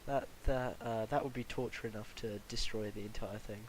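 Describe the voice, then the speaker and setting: A man's voice: on the low side, fairly even intonation, moderate pace, slight background noise, rough recording. A young man hosting a casual podcast chat, rambling and laughing often. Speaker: podcast host.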